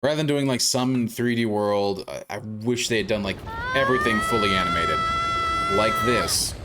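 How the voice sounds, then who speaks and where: A man's voice: lowish voice, a little fast, heavy background noise. A man streaming a video game, chatting casually with his viewers and rambling, with lots of fillers and restarts. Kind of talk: casual gaming commentary.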